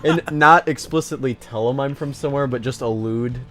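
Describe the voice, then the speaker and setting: A man's voice: medium pitch, brisk, fairly bright tone, faint music behind. A man co-hosting a let's play, chatting casually and telling stories about himself with self-deprecating humor. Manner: laid-back, self-deprecating, chuckling. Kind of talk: casual gameplay chat and storytelling.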